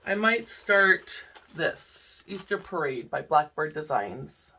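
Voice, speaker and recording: A middle-aged woman talks through her stitching projects in an unhurried, rambling way, with frequent small laughs. Her voice is bright and clear, picked up from a little distance. She sounds relaxed and chatty. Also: sits low. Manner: chatty, rambling, emotional at times, laughs often. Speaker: cross-stitch vlogger. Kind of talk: casual chat to camera. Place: home room.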